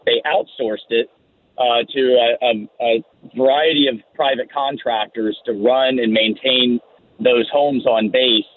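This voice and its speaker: A man speaking as a congressman guest on a radio show, firm and steady in his talking points. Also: mid-range voice, unhurried. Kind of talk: phone-in radio interview. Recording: tinny phone line.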